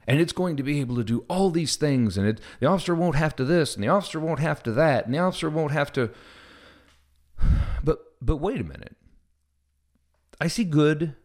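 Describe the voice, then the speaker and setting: Animated low-voiced man, Southern US accent. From Midwestern US. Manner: animated, thinks aloud with many restarts. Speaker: podcast host. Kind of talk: casual monologue.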